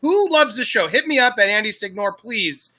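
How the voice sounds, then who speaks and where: High, bright, incredulous stream host. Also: male voice, moderate pace. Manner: incredulous, excitable, mocking. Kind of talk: live stream review chat.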